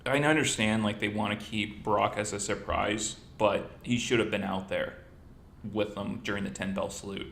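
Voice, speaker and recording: A man's voice: lowish voice, moderate pace, vocal fry, reverberant, slight background noise. A man hosting a podcast in casual chat, telling stories and joking. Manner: animated storyteller, jokey. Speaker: podcast host.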